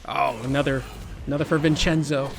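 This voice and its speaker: A young man hosting a gaming channel, chatting excitedly through a let's-play. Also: mid-range voice, fairly quick, creaky, background noise. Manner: chatty, excitable remarks on the fight. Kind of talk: casual let's-play commentary.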